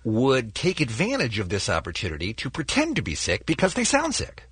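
A man's voice: mid-range voice, wildly swooping pitch, brisk, fairly bright tone, slightly rough, no echo. A man hosting a morning radio show, chatting in a rambling way full of fillers.

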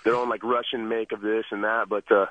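A man's voice: lowish voice, level tone, fairly quick, no echo. A man calling in by phone as a guest, chatting casually and laid-back, often calling people "man". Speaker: phone-in guest, film actor. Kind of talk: casual interview over the phone. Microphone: telephone. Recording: tinny phone line.

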